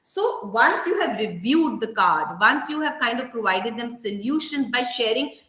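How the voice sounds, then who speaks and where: An earnest woman with an Indian English accent gives a parenting workshop talk, her voice bright and a little high. She leans on key points by slowing down. The sound is roomy, with a clear echo. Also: animated. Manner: earnest, emphatic, slows down to stress key points. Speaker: parenting educator.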